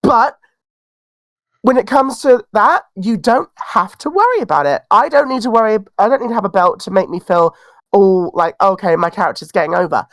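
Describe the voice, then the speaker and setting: A man's voice: sits high, very animated, normal speed, fairly bright tone, no echo. A man with a cold, a wrestler guest talking in a casual podcast interview, sassy and outspoken. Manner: sassy, outspoken, self-assured. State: has a cold.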